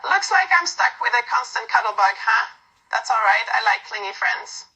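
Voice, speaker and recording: A woman's voice: on the high side, big pitch swings, moderate pace, pushed and bright, breathy edge, heavily acted, rough recording. A woman voicing a protective, playful female best friend who keeps calling the listener sweetheart, read from a fan role-play script. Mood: affectionate. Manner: affectionate teasing, calls everyone sweetheart.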